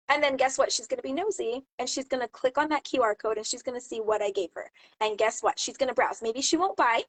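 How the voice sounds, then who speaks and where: High-voiced chatty woman giving sales tips. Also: rough recording. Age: adult mom. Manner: chatty, animated storyteller acting out quotes. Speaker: jewelry seller and channel host. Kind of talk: casual advice talk to camera.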